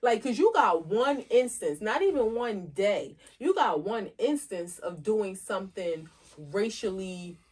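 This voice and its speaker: A woman's voice: medium pitch, animated, unhurried, hardly any pauses, darkish tone, slightly rough. A woman co-hosting a podcast in casual chat, thinking aloud and asking questions. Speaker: podcast co-host.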